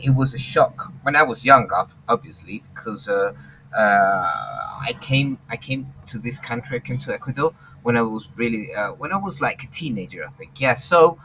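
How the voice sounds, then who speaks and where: A man who grew up in England teaches an online English class from home over a video call, using his computer mic. His medium-pitched voice sounds pushed and bright, and he talks with many fillers and restarts. The recording is rough, with slight background noise.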